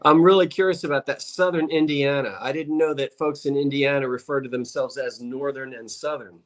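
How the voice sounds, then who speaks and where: A man's voice: medium pitch, fairly even intonation, a little fast. A man with a South Jersey accent co-hosting a live video stream, chatting with viewers, curious and full of restarts. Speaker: livestream co-host. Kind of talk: casual live-stream chat.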